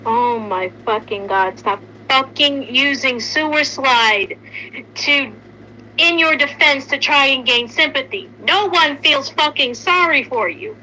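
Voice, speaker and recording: A woman's voice: sits high, slow pace, sharp tone, a little hiss or hum, low-quality recording. A young woman in heated casual commentary, angry and swearing often as she rants.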